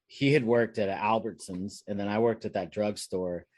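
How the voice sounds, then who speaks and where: A man's voice: on the low side, fairly even intonation, normal speed, a little mellow, dry recording. A man co-hosting a podcast, telling a long work story in rambling casual chat with many fillers and restarts. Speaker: podcast co-host.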